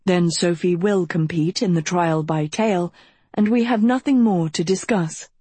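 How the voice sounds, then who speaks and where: A woman voicing a calm, sensible male professor who speaks in a measured, authoritative way, close to her own voice. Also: on the low side, breathy edge, dry recording. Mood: grave.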